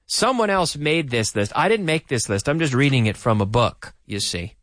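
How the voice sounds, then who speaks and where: A man teaching English on a radio show, repeating each sentence slowly for learners in an animated way. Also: mid-range voice, dry recording, studio quality. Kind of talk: radio language lesson.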